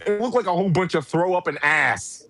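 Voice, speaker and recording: A man's voice: sits high, expressive, fairly quick, bright, forceful tone. A man co-hosting a wrestling podcast, swearing and ranting in a furious, heated way. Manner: furious, foul-mouthed rant with mock British impression. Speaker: podcast co-host. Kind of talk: profane ranting podcast chat.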